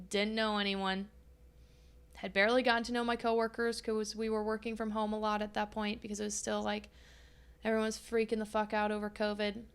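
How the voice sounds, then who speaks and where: A woman's voice: fairly high pitch, clear, resonant tone. A young adult woman hosting a podcast, candidly telling a personal story and acting out past conversations with frequent swearing. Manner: candid and profane, reenacting her own past dialogue. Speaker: podcast host.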